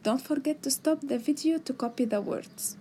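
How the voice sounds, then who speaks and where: On a tablet microphone, a woman with a high, mellow voice teaches a beginners' alphabet lesson at a moderate pace, with slight background noise. She patiently sounds out letters and words, explaining each step in slow, explanatory narration.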